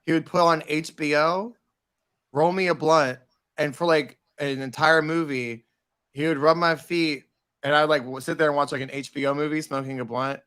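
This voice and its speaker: A man telling stories in casual podcast chat, animated and campy, slipping into quoted voices. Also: on the high side, clean tone. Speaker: podcast guest.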